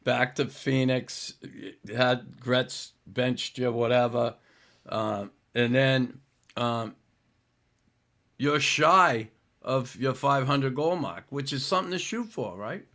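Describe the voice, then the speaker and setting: Slow-talking man hosting a podcast. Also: medium pitch, a bit bright. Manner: laughs often, leading questions. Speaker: podcast host, former hockey player. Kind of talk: casual interview chat.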